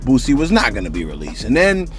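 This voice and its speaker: A man's voice: medium pitch, huge pitch swings, fast, soft background music. A man hosting a celebrity news channel in casual, rambling commentary, often asking "you see what I'm saying".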